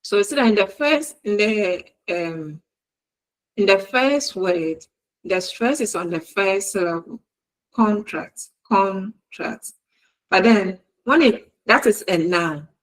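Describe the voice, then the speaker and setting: Slow, deliberate woman lecturer. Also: mid-range voice, lively intonation, poor audio. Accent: Ghanaian English. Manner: slow, deliberate, repeating examples word by word. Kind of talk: recorded university e-learning lecture.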